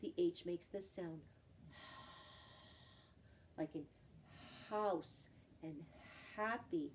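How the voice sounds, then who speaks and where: A woman teaching a children's phonics lesson, slowly and patiently naming letters and stretching out example words. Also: on the low side. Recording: voice from a distance, faint background noise.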